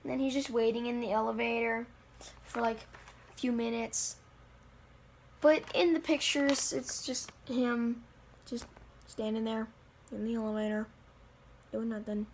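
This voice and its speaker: A woman rambles through the story of a comic she drew, full of fillers and self-deprecating asides. Her voice is high, with a gravelly, fry-laden texture. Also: fairly even intonation, measured pace, pauses often, slight background noise. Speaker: channel owner. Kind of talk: rambling home-video storytelling.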